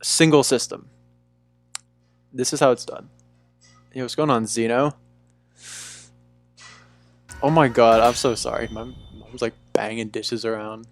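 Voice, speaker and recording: Young man, laid-back livestream host, mid-pitched, chatty, faint music underneath. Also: steady tone, unhurried, long pauses. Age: young adult. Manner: laid-back, chatty, calls viewers "dude". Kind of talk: casual live-stream chat. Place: room at home.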